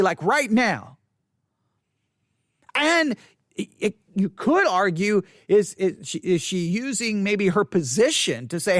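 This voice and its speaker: A man with a high, lively voice talks through a Bible study in a conversational way. He speaks with emphasis and often restarts or repeats his phrases. The sound is dry and close. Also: slow pace, dry recording.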